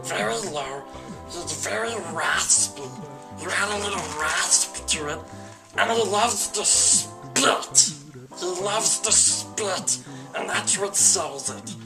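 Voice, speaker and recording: A man doing a raspy, spitting creature voice in a documentary draft with music behind. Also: high voice, lively intonation, takes it slowly, pitched above the performer's own voice, full character voice. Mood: hissing. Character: raspy low creature that spits, sly and hunched.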